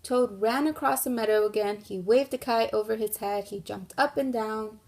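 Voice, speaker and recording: Gravelly-voiced teacher woman reading aloud. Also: fairly high pitch. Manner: gentle, guiding, thinks aloud with pauses. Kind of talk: classroom read-aloud and lesson.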